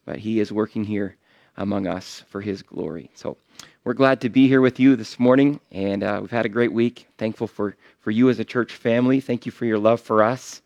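A middle-aged man, a visiting missionary, giving a sermon in a church in an earnest, halting way with many fillers and restarts. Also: lowish voice, fairly even intonation, vocal fry, darkish tone, dry recording, muffled recording.

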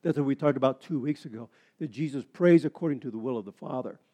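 Mellow-voiced male preacher, halting then emphatic. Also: medium pitch. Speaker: pastor. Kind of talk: sermon.

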